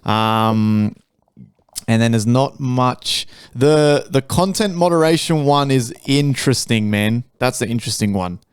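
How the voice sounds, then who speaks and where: This is a podcast co-host who reads out news and then comments bluntly, swearing as he goes. His voice is smooth and resonant. It is recorded close, with a dry sound. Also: mid-range voice, expressive, unhurried, no echo. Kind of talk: casual chat, reading news aloud.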